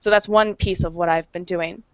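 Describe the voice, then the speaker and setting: A woman's voice: lowish voice, fairly even intonation, moderate pace, dry recording. Academic woman in her thirties explaining her work over a video call, dull dry sound. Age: 30s. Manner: clear explanatory tone with frequent ums and restarts. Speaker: panelist, psychology professor. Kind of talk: explaining research on an online panel.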